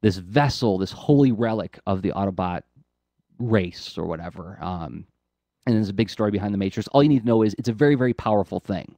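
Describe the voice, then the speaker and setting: A man's voice: on the low side, animated, a little fast, warm tone, dry recording. A man co-hosting an art podcast, talking casually and enthusiastically with lots of fillers and restarts. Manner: enthusiastic, rambling, frequent fillers. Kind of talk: casual explaining chat. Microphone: close podcast mic.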